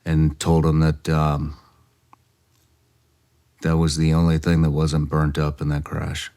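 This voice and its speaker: A male podcast host speaking slowly and hesitantly in an interview, pausing often with "uh.". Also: a bass voice, monotone, mellow. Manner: slow, hesitant, many "uh" pauses. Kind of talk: interview conversation. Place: podcast studio.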